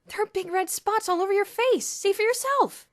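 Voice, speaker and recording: A woman's voice: on the high side, expressive, fairly quick, no room sound, studio quality, lightly acted. A woman voicing a scheming teenage schoolboy who sounds urgent, then grave and mock-serious.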